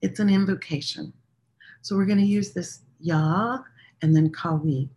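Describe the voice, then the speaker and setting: Woman with a slightly low voice, leading a chant practice; gentle, unhurried, plainspoken and candid. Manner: talks directly to listeners in a plain, candid way. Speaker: meditation and prayer teacher.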